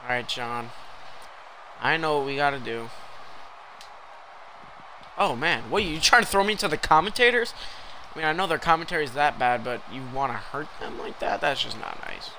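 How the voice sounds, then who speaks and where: A young man giving live commentary while he plays a wrestling video game, reacting loudly to every turn. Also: fairly high pitch, sing-song, normal speed, pauses often, a little hiss or hum. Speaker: game streamer.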